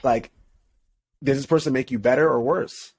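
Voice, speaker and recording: A man's voice: medium pitch, moderate pace, husky. A man speaking as a relationship expert guest on a podcast, talking casually in slang with frequent laughs. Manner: slangy, animated, laughs often.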